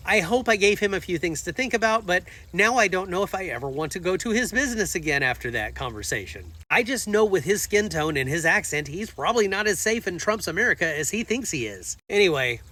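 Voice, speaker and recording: Man vlogger, fairly high bright voice, sarcastic and fed-up storytelling. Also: lively intonation, fairly quick, few pauses. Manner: exasperated, sarcastic retelling. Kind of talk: casual storytelling to camera.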